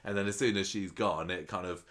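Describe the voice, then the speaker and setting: Low-voiced English man recapping a soap. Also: fairly quick. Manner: lively storyteller, acts out quoted lines. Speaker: podcast co-host. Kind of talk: casual chat recapping a soap.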